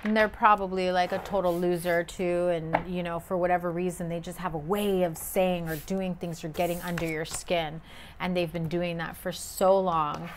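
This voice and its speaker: A woman's voice: fairly low pitch, background noise. A woman giving a casual tarot reading, talking bluntly and emphatically with frequent swearing. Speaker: tarot reader.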